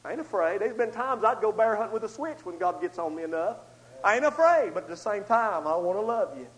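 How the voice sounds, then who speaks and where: A man preaching a storytelling sermon, swinging between loud outbursts and hushed asides. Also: sits high, quick pace, rough recording.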